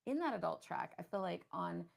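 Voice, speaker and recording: Woman, lowish voice, heavy vocal fry, enthusiastic livestream co-host. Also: animated. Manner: enthusiastic, talkative, quick to jump in. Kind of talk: casual livestream chat.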